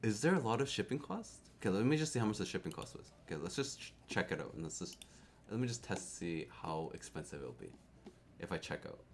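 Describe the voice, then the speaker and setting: Young Canadian-born guy, lowish voice, chatty live streamer, excitable, laughs a lot, repeats words. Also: fast talker, a little hiss or hum. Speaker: keyboard streamer. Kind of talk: casual live-stream chat.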